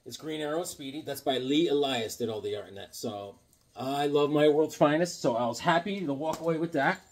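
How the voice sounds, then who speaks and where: At a fairly quick clip, a man with a higher voice chats about his comic book collection. He wanders off topic, jokes around, uses plenty of fillers, and imitates voices while telling anecdotes.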